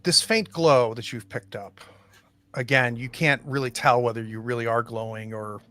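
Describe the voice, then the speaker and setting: A man's voice: mid-range voice, fairly even intonation, moderate pace, pushed and bright. A man acting as game master in a tabletop horror game, checking in with each player and describing what they notice. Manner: checks in on players one by one with questions.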